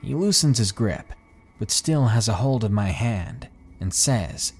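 Low-voiced male horror narrator. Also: measured pace. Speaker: horror story narrator and channel host. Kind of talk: scripted narration of a horror story. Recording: faint background music.

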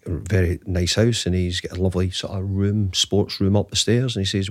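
Deep-voiced man telling a story. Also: fairly even intonation, normal speed, a little mellow, dry recording, studio quality. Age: 50s. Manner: rambling anecdotal, with restarts. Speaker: guest. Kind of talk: storytelling interview answer.

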